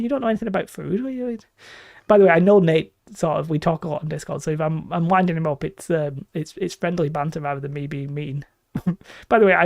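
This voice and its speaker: A man's voice: high voice, vocal fry, darkish tone, dry recording, studio quality. A man from northwest England with a Lancashire accent, chatting casually on a live stream and reading out viewers' comments. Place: small room at home. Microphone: desk microphone.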